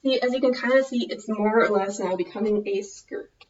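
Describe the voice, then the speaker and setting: Here the Minnesotan-accented woman from the United States sounds mid-range and darkish, speaking at an ordinary pace over dull audio. As a vlogger giving a casual clothing tutorial, she rambles, loses her thread, and corrects herself.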